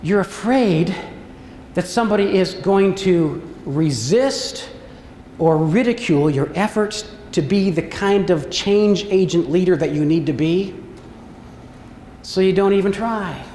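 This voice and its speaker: A man's voice: a little slow, a little hiss or hum. A man giving a storytelling keynote talk as a motivational speaker, acting out scenes and quotes with big swings in his voice. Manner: animated, acts out scenes and quotes with big pitch jumps. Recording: echoey hall with faint ambience.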